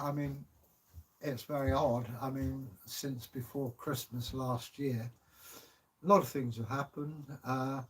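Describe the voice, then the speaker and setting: A man's voice: mid-range voice, slightly rough. An older man from Kent with a southern English accent, chatting casually on a livestream as channel host, rambling with many hesitations. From Kent, England.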